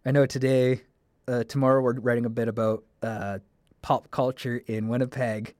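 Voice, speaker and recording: Excited young man, dry close sound. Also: mid-range voice, moderate pace, no room sound. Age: young adult. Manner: enthusiastic, rambling. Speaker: solo podcast host, broadcasting student. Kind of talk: casual solo podcast monologue.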